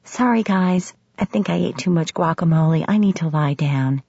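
A woman's voice: on the low side, normal speed, mellow, husky, no room sound. A woman voicing a queasy pregnant young woman who speaks wearily and apologetically. The recording sounds slightly muffled. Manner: weary, apologetic.

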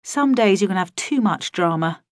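A woman reading aloud, voicing a harried young man who talks in a brisk, joking, excitable way. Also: medium pitch, no echo, studio quality, lightly acted. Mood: wry.

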